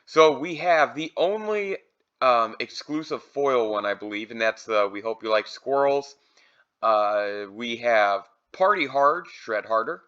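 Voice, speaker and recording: Bright-voiced man, easygoing card review, slightly dull lo-fi recording. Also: medium pitch, measured pace, clean tone. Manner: relaxed, thinking aloud with fillers. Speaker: card collector reviewing products. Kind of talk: casual product review.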